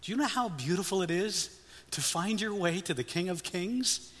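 An older man preaching a sermon as a missionary, animated and humorous, leading the congregation in call-and-response. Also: high-pitched, normal speed. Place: church sanctuary. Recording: long reverb of a church hall.

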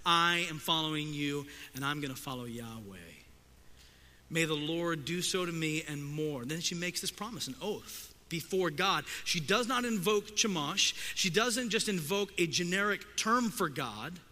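Male preacher, expressive and emphatic, higher voice, ringing hall sound. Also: unhurried. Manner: expressive preaching, rising loud for emphasis, voicing the characters he quotes. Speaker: pastor. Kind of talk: sermon. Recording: long hall reverb.

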